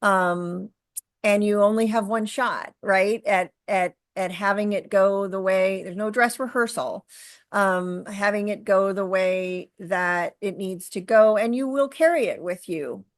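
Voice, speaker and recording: A middle-aged woman speaking as a guest in an interview, earnest and halting, with frequent fillers and restarts. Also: medium pitch, no room sound. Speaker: guest, author and caregiver. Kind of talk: conversational interview.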